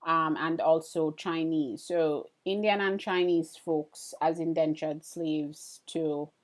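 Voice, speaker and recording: Deep-voiced and slow, a middle-aged woman hosts a laid-back live stream. She talks with viewers directly, chatting and reading out their comments as they come in.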